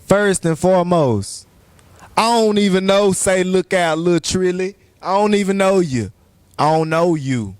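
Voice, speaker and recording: A high-pitched man holds the floor as a guest on a podcast, heated and emphatic and quick to curse. The sound is dry and close, with no room around him. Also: smooth, dry recording. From East Texas. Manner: animated, emphatic, profane ranting.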